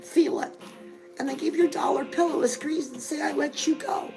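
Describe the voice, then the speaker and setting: A middle-aged woman with a high voice and a gravelly edge hosts a comedic fitness show. She talks in a gushing, chatty stream and keeps calling her viewers girl. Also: normal speed, music in the background, low-quality recording. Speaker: fitness and lifestyle show host. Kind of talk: comedic character monologue.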